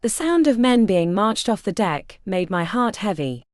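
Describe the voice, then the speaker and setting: A woman reading a fantasy romance audiobook as first-person narration, with expressive delivery. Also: mid-range voice, normal speed, no echo, clean studio sound. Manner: expressive, varied character voicing.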